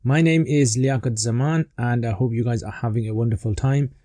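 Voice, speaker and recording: Relaxed male teacher explaining calmly. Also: medium pitch, a little fast, no echo, studio quality. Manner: relaxed explaining, with fillers and restarts. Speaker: teacher of Quranic rhetoric. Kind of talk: casual online lesson.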